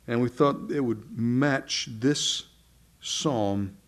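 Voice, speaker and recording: Man leading a hymn practice. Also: mid-range voice. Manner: reads psalm verses aloud slowly. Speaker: song leader teaching a hymn. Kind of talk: teaching a group a new hymn.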